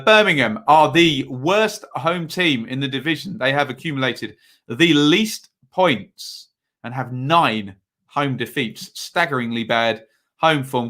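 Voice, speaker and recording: Bright-voiced man chatting football. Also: mid-range voice. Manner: chatty, reads viewer comments aloud, many fillers. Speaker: football preview host. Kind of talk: casual livestream chat.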